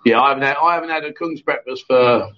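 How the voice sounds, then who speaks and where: Speaking at a medium pitch and quick pace, a man runs a casual live chat show, joking with his co-host, reading viewer comments and restarting often. It's recorded as dull, lo-fi stream audio.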